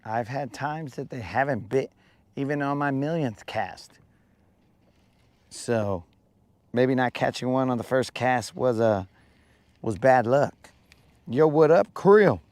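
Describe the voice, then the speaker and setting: A man's voice: mid-range voice, slow pace, long pauses, a little mellow, dry recording. A man hosting a fishing livestream outdoors on a lake, joking in slang and greeting viewers by name. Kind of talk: casual live-stream chat.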